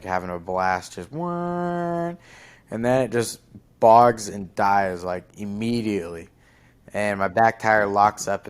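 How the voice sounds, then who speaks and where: Deep-voiced young man telling a story. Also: clean tone. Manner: rambling, lots of fillers and likes. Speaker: podcast host. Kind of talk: casual storytelling.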